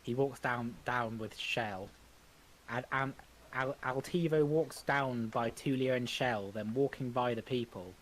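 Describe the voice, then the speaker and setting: This is a man narrating the stage directions of a script in a plain, everyday voice. His reading is halting, with frequent stumbles and restarts. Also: medium pitch, slight background noise.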